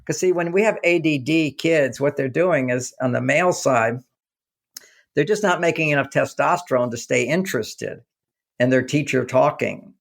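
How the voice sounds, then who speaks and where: Gravelly-voiced male author telling stories. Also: fairly high pitch, moderate pace. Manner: animated storyteller acting out quoted dialogue. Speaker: author and guest. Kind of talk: casual interview talk.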